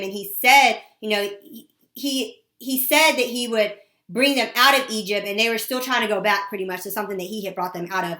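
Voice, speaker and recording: A woman giving casual Bible teaching, reading verses and retelling them in relaxed everyday slang. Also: fairly high pitch, reverberant. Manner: conversational, paraphrases scripture in slangy everyday speech.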